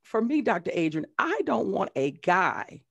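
A woman's voice: medium pitch, unhurried, gravelly, husky, highs cut off. A woman hosting a casual conversation, telling stories animatedly with frequent restarts and repeated words. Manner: animated storytelling with frequent restarts and acted quotes. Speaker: host.

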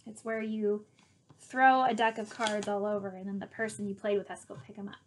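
A woman teacher reading a picture book aloud to her class, explaining things clearly and patiently. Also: mid-range voice, level tone, fairly quick, a little hiss or hum.

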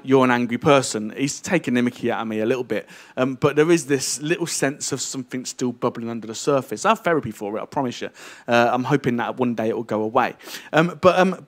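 A middle-aged man preaching a lively, jokey sermon and teasing his congregation. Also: medium pitch. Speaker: pastor. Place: church hall.

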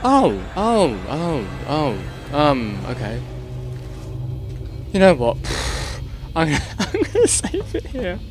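A man's voice: fairly high pitch, huge pitch swings, extremely slow, music in the background. A man hosting a gaming channel, giving let's play commentary in a frantic, swearing way and muttering to himself as he plays.

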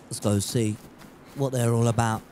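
A man's voice: mid-range voice, fairly even intonation, moderate pace, dark tone, a little hiss or hum. A man casually commentating his gameplay, rambling and joking as he chats with viewers. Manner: rambling, jokey, chatty with viewers. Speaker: game streamer.

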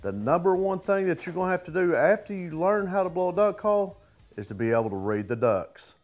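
A duck hunter gives blunt, folksy advice. His voice is high for a man and swings widely in pitch. Light music plays under him. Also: very animated, a little fast, a little mellow. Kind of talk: casual advice.

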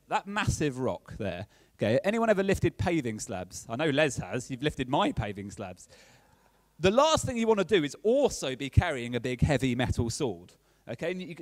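In a dry recording, a man with a slightly high voice preaches a casual, conversational sermon. He's chatty and keeps checking in with his listeners, often asking "okay?"

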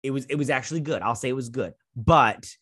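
A man's voice: medium pitch, fast, fairly bright tone, husky, no echo. Male host, casual episode recap, rambling and profane, dry close sound. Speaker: show host reviewing a TV episode. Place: at home with a dog nearby.

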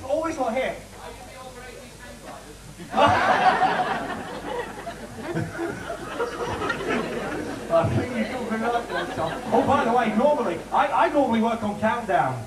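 A man doing joking warm-up patter for a TV studio audience. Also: high-pitched, recorded from a distance. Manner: chatty, joking, lively. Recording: roomy studio heard from afar with audience.

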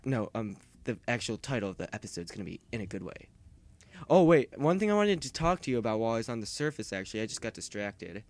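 A man giving casual, rambling gameplay commentary who yells and panics when startled. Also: lowish voice, very animated, quick pace, hardly any pauses. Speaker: gaming video host.

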